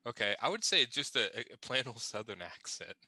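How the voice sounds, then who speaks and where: Animated, laughing man casting voices. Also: mid-range voice, moderate pace. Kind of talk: casual group chat.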